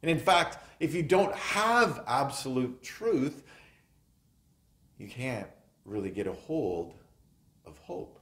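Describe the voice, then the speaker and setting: A male pastor delivers an earnest sermon in an unhurried, deliberate cadence. His pitch rises and falls widely as he stresses key words, and his voice rings through a reverberant chapel. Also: very animated. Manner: earnest, emphatic, trails off softly at phrase ends. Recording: echoey chapel room.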